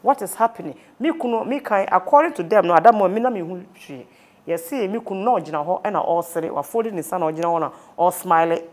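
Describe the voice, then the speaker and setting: A woman's voice: lowish voice, lively intonation. A woman with a Ghanaian accent, a guest earnestly recounting a personal ordeal, switching between languages. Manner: earnest, rapid mix of Twi and English. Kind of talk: personal testimony.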